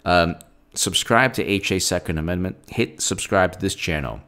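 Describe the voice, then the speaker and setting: A man's voice: low-pitched, moderate pace, fairly bright tone. A man giving political commentary in a solo video, combative and rambling, with asides and quotes read from his phone.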